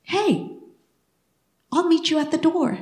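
Her voice high and slow, a middle-aged woman pastor with Mexican heritage preaches in a church sanctuary whose room echoes in the recording. She brings her stories to life with animation, performing the dialogue within them.

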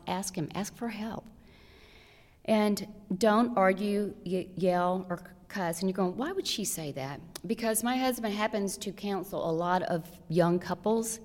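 A woman's voice: medium pitch, darkish tone. A woman giving practical marriage advice to a church audience, earnest and direct, full of rhetorical questions. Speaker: church women's speaker. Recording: long hall reverb.

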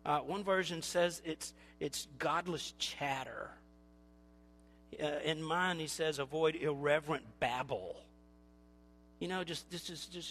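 High-voiced conversational male preacher. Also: measured pace, a bit bright. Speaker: pastor. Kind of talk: sermon.

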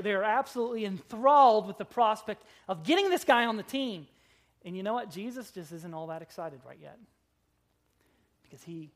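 An expository sermon is preached by a pastor to the church congregation in dramatic fashion. Humorous asides break it up, and the voice moves from loud emphasis to low, hushed lines.

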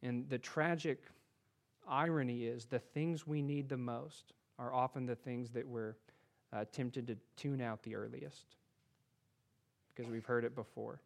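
A man preaching a sermon, reading scripture with emphasis and dropping to a quieter, earnest tone to urge his listeners. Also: medium pitch, steady tone, a little slow, gravelly. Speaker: pastor.

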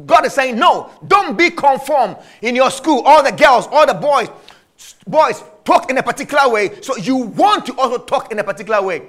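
A man's voice: very high voice, animated, moderate pace, fairly bright tone. A man preaching a sermon, emphatic and repetitive, drawing out his key phrases.

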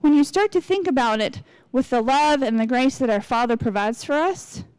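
A woman's voice: high-pitched, expressive, normal speed, darkish tone, clean tone, dry recording. A woman in her forties giving a casual, candid sermon in church, chatty and confessional, acting out what people say. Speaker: lay preacher.

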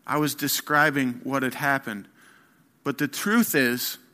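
A male preacher delivering a sermon slowly and deliberately, his tone bright and forceful. He drops to hushed near-whispers, then builds to loud, rising appeals. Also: mid-range voice, fairly even intonation.

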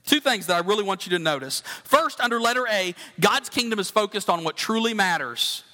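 Bright high-voiced man preaching in a hall. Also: lively intonation, brisk. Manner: earnest, conversational preaching with direct questions to listeners. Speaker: pastor. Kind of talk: sermon.

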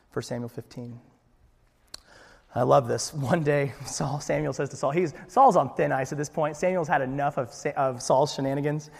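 Animated preacher, man, hall reverb. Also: mid-range voice. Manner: animated, acts out dialogue with big loud swings. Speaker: pastor. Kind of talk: sermon.

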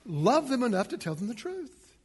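A man preaching a sermon as a pastor, speaking emphatically and building to forceful points. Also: sing-song, moderate pace, husky, big-room sound. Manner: emphatic, rising to a preaching pitch.

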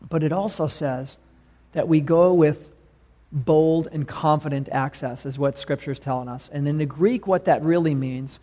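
A man's voice: fairly high pitch, dark tone. Conversational male preacher. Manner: conversational and emphatic, asks the congregation questions. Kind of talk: sermon.

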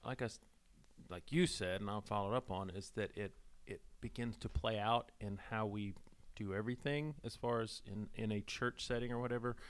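A man co-hosting a podcast, speaking reflectively and pausing to find words. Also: lowish voice, clear, resonant tone. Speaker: podcast co-host. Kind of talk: casual chat.

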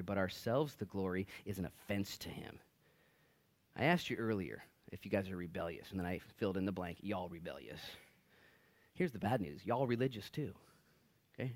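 Animated preaching man, lively pitch. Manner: animated preaching, acting out voices of listeners and Jesus. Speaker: pastor. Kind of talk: sermon. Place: church.

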